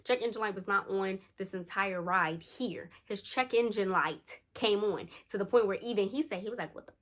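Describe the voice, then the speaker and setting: A young woman vlogger telling a spooky storytime to her viewers in a casual, slangy, animated way. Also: mid-range voice, moderate pace. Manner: animated, slangy, addresses listeners as y'all.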